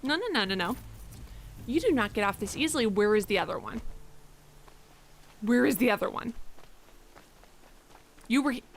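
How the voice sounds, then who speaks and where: A woman's voice: on the high side, expressive, normal speed, pauses often, slight background noise. A woman streaming a video game, chatting casually with her viewers and cursing at the enemies she fights. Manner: chatty, swears at enemies, talks to chat. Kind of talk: casual live-stream gameplay chat. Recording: game music under voice.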